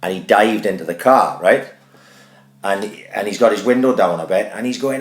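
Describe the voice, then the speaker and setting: Sweary deep-voiced man telling a story. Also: moderate pace, reverberant. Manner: sweary, animated anecdote-telling. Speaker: podcast co-host. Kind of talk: casual chat, storytelling.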